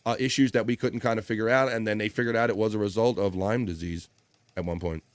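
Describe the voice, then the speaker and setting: A man's voice: on the low side, steady tone, fast, no room sound. A middle-aged man hosting a livestream, chatting loosely and reading out viewer comments. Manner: rambling, loose and chatty with fillers. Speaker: livestream host.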